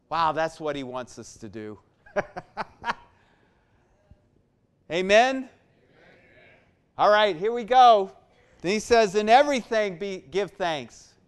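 A man preaching a sermon, emphatic and deliberate, swinging between loud stressed phrases and quiet soft-spoken stretches. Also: sits high, clean tone.

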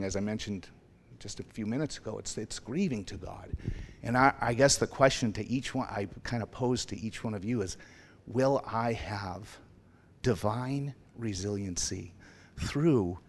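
A man pastor preaching a sermon in a church in a loose, conversational way, stopping to question the congregation and laughing at himself. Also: fairly low pitch. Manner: conversational, rambling, self-deprecating, quizzes the congregation. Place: church sanctuary.

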